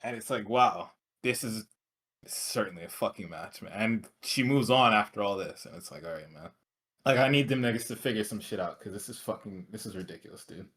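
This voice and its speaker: A man's voice: fairly low pitch, expressive, a little fast, a bit bright. A man co-hosting a casual talk show, reacting and recapping in a laid-back, profane way. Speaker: podcast co-host.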